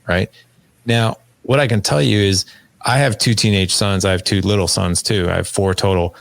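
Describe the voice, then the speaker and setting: Low creaky-voiced man, lively storyteller. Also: normal speed, no room sound. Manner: animated storyteller acting out dialogue. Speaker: podcast guest, fatherhood coach. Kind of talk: casual interview conversation.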